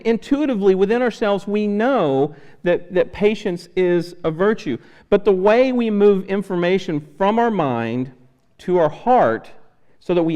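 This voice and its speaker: A man preaching in a church, relaxed and conversational, acting out little voices along the way. His voice sits a little high for a man. The sound rings with a long reverb from the sanctuary around him. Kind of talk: sermon.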